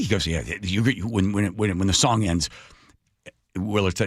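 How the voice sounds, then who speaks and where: A man's voice: low voice, moderate pace, long pauses, slightly rough, dry recording, clean studio sound. A man hosting a talk radio show, telling a story in a casual chat and acting out the quotes. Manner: animated storyteller, acts out quotes. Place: radio studio. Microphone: studio microphone.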